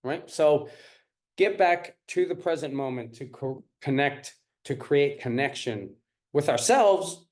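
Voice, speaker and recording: A man's voice: fairly high pitch, lively intonation, slow pace. A man teaching a live-streamed parenting class. He repeats his points and keeps checking in with the audience. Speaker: parenting coach.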